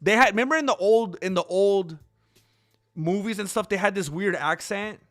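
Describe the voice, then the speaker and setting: Male stream host, playful and loose, laughs a lot, bright tense tone, fairly high voice. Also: normal speed, no echo, clean studio sound. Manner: playful, laughs often, reads out chat. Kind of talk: casual live-stream commentary.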